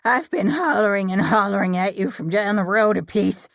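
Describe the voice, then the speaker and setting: Lady doing a spry old granny voice, folksy, puffing and a bit higher. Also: very animated, takes it slowly, dry recording, clean studio sound, heavily acted. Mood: breathless, teasing. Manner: folksy, out of breath. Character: small spry elderly grandmother, chatty.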